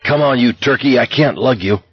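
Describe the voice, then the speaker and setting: A man's voice: medium pitch, moderate pace, slightly rough, dry recording, dull audio, soft background music, voice pushed up, lightly acted. A man voicing a young male fellow marcher who is urgent and pleading.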